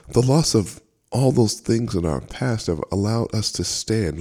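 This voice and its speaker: A man's voice: low voice, dark tone, slightly rough. A man preaching a sermon as a minister, earnest and fervent, often repeating and restarting phrases. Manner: speaks with fervor and emphasis.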